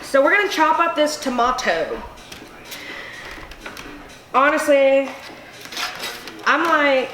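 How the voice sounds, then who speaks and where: A woman's voice: on the high side, fairly bright tone. A tipsy woman hosting a casual cooking vlog, rambling and swearing freely as she chops. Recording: echoey room with music behind.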